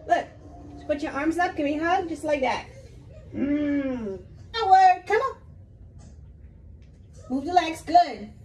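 High, lively, encouraging mother. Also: echoey room. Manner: coaxing, encouraging, repeats short cheers. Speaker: mother vlogger. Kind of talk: coaching her young child through play.

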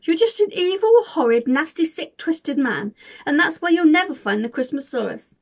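A woman voicing a desperate, defiant young boy who shouts through tears in a storybook reading. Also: a little high, moderate pace, close to an everyday voice.

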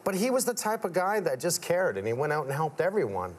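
A man's voice: on the high side, sing-song, a little fast. A man, a contractor, talking as a guest in a casual TV interview, telling stories and acting out what others said. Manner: storytelling, acts out quotes of his father. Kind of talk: casual talk show interview. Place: TV studio with audience.

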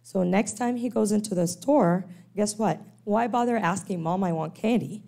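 A woman's voice: medium pitch, normal speed, creaky. A woman lecturing to church teachers on special needs kids, acting out parents and children as she explains. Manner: animated, acts out quoted parents and kids.

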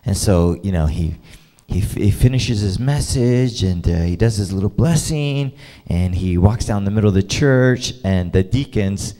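A male pastor telling a personal story in a sermon, animated and casual, laughing often and filling gaps with "you know". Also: on the low side, normal speed.

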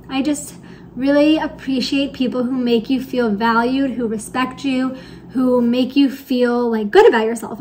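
Excited high-voiced young woman vlogging. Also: slight background noise. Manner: excited, chatty, many "like"s. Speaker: teacher and vlogger. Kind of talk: casual vlog chat.

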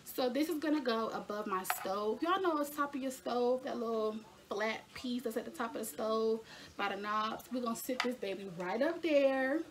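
Chatty high-voiced young woman vlogger. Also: moderate pace, noisy background. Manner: chatty, addresses viewers as y'all. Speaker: lifestyle vlogger. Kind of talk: casual haul video chat.

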